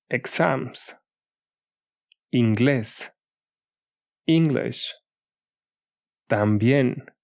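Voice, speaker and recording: A man reading a beginner language lesson as an audiobook, in a measured, deliberate way, saying foreign words and then their meanings. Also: medium pitch, a little mellow. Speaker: audiobook narrator. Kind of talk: scripted language-lesson narration.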